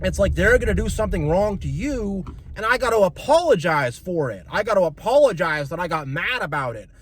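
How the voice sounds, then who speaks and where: A man's voice: high-pitched, sing-song, a little fast, slight background noise. A man venting in an emotional vlog rant, agitated and repetitive, with many fillers like "like" and "you know". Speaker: vlogger.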